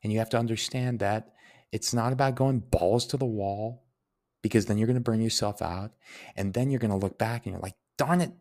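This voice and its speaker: Brisk and on the low side, with fairly even intonation and a darkish tone, a young man answers personal questions from listeners. His reflective Q&A is earnest and heartfelt, and he explains word origins.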